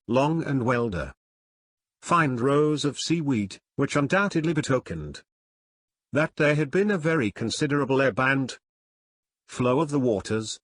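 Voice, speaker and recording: Man reading a novel with lively pitch. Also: no echo, clean studio sound. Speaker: audiobook narrator. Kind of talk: scripted narration.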